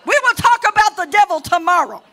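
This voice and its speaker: A middle-aged woman pastor preaching a sermon boldly, rising to shouts between laughing asides. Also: extremely high pitch, lively intonation, brisk, creaky, some chatter behind, slight background noise.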